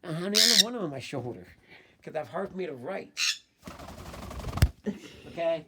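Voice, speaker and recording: Encouraging teacher, distant from mic. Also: male voice, fairly high pitch, lively intonation, normal speed, background noise. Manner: encouraging, repetitive prompting. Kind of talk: online phonics lesson.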